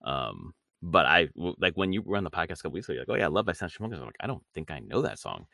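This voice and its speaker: A man's voice: extremely low pitch, very fast, creaky, dry recording, studio quality. A man co-hosting a podcast, telling stories animatedly in casual chat with lots of swearing. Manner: profane, animated storytelling. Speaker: podcast co-host.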